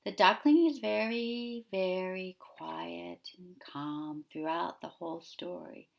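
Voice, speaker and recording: A woman preschool teacher discussing a picture book with young children, asking them gentle questions. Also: lowish voice, takes it slowly, vocal fry.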